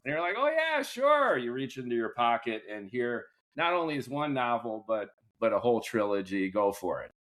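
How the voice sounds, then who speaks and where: A man hosting a podcast, asking questions in a lively, jokey way during a casual interview. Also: mid-range voice, normal speed, few pauses. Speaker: podcast host.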